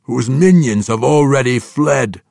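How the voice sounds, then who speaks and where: A man voicing a brutish male orc warlord who growls and shouts his lines. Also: mid-range voice, a little slow, gravelly, no room sound, clean studio sound, pitched above the performer's own voice. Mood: growling.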